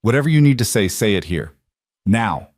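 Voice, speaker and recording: A man's voice: lowish voice, animated, moderate pace, dry recording, clean studio sound, lightly acted. A man voicing a refined young woman in her twenties who is fearful and insistent. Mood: demanding. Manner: sharp, pleading delivery.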